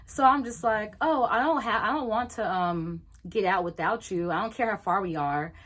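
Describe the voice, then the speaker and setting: A young woman vlogger telling a casual story, animated, swearing freely and acting out what people said. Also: medium pitch, moderate pace.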